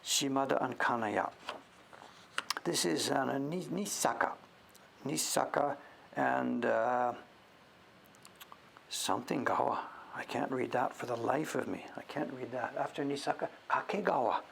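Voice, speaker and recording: A man hosting a casual show-and-tell, thinking aloud as he sounds out names, sometimes dropping to a whisper and breaking into excited praise. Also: medium pitch, a little slow, creaky, long pauses, slight background noise. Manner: drops to whispers now and then. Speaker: host.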